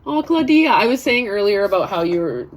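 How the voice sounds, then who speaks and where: A woman's voice: mid-range voice, sing-song, normal speed, slight background noise. A woman in her thirties hosting a live stream, chatting casually and rambling, laughing often and reading viewer comments aloud. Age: 30s. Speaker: live session host.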